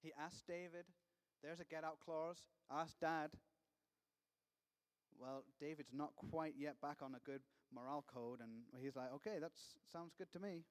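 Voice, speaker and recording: A man with a high voice preaches a sermon, telling the scripture story in a chatty, conversational way. His voice rings out with the long reverb of a large hall. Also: measured pace.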